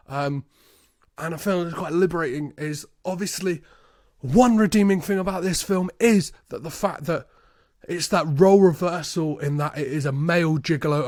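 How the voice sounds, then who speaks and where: A man's voice: on the high side, no room sound, studio quality. A man, hosting a podcast and reviewing a film in a casual, sweary, mocking way with frequent laughter. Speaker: podcast host.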